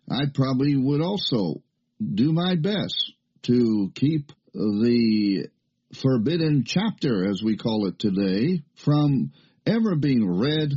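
Older male preacher, dark husky voice. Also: medium pitch. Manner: emphatic, folksy preaching with many fillers. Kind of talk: sermon. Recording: muffled lo-fi recording.

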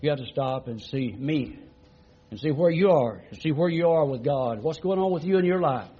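Husky-voiced preacher telling folksy stories. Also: male voice, fairly high pitch, animated, normal speed, warm tone, highs cut off. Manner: folksy, repetitive retelling with many "he said" tags. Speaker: pastor. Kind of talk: sermon.

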